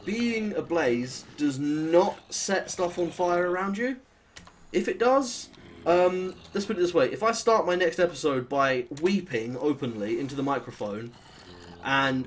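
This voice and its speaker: A young British man with a British accent, chatting and swearing casually as he plays through a modded game, with sudden excitable outbursts. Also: fairly high pitch, measured pace, a little hiss or hum. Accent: British English. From Britain. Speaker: gaming channel host. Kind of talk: casual Let's Play commentary.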